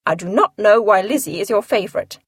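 A woman reading aloud and putting on the voice of an excitable, fretful middle-aged mother, high and emphatic. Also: a little fast, slightly rough, no room sound, studio quality. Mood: excited.

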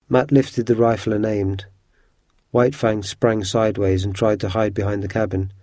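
A man reading a children's adventure story aloud in a steady, measured way. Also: lowish voice, no echo, clean studio sound. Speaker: narrator.

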